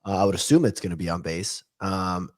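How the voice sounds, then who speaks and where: A man on a casual podcast, giving a measured opinion as he thinks aloud. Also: deep voice.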